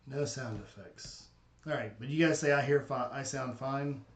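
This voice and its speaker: A man's voice: mid-range voice, normal speed. Sex: man. Role: live streamer. Style: casual chat with viewers, thinking aloud, slightly hesitant. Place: small home studio. Mic: desk condenser mic. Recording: roomy echo. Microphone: condenser microphone at a desk.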